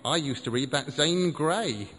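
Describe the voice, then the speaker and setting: A man's voice: a little high, expressive, measured pace, a bit bright, big-room sound, pitched above the performer's own voice. A man voicing a tall, gloomy pub regular who speaks in a courteous, prim way. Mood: polite.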